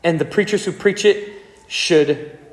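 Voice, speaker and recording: A man's voice: high voice, a little slow. Impassioned male pastor in an echoey hall. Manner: impassioned, indignant preaching with sudden loud peaks. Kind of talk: sermon. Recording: echoey hall with long reverb.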